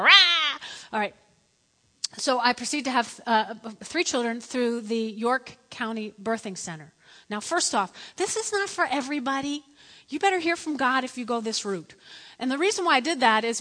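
High, bright woman preaching in a hall. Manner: lively, dramatic, acts out quotes. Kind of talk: storytelling sermon.

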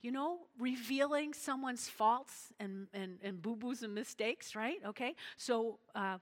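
A woman's voice: fairly high pitch, a little slow, in a large hall. A woman preaching a chatty sermon, checking in with her listeners often. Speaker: pastor's wife, preacher.

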